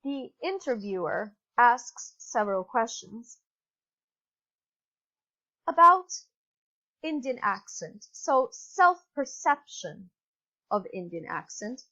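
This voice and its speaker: A woman with an Italian accent leads a recorded online English lesson in a patient, instructive way, pausing on fillers and correcting herself. Her voice sits a touch high. The sound is dull and lo-fi, as from a laptop microphone. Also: sing-song, pushed and bright. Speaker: English teacher. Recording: dull lo-fi computer mic.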